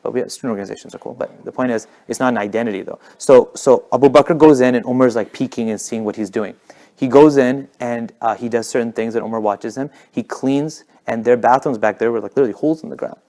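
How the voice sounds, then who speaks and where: Fast-talking man telling a story. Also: medium pitch. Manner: fast, animated storyteller with many fillers and restarts. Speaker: speaker at a community talk. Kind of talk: casual religious storytelling.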